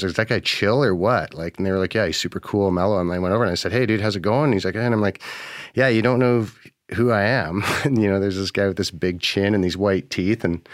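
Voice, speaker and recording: A man's voice: fairly low pitch, no room sound, studio quality. A man hosting a podcast, telling a story casually, laid-back and sarcastic, swearing often. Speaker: podcast host.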